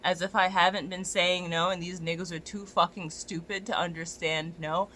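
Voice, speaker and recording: A young adult dog walker ranting to a phone camera, exasperated and profane, often climbing to near-shouts. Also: mid-range voice, flat delivery, moderate pace, a little hiss or hum.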